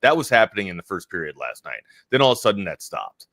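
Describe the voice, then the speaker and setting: A male sports talk co-host on a studio mic, with a bright, sharp edge to his voice. He rambles through his points, catching and correcting himself as he goes. The room sound is completely dry. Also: low-pitched, sing-song, gravelly, no room sound. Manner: rambling, self-correcting, quick asides.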